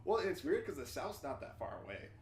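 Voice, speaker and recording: A young man, a musician guest on a podcast, telling quick, relaxed road anecdotes in casual chat. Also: on the high side, a little hiss or hum. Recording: echoey room with faint ambience.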